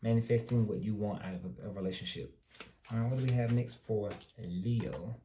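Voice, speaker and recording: A man with a Southern accent, hailing from North Carolina, delivers a relaxed, meandering tarot reading packed with advice and occasional self-corrections. His voice is on the low side at a normal speed, with a roomy sound and slight background noise.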